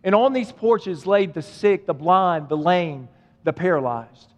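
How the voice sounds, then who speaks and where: High-voiced preacher in a reverberant hall. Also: male voice, lively intonation, unhurried, a little mellow. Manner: preaching with emphatic repetition and direct address. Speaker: pastor. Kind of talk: sermon.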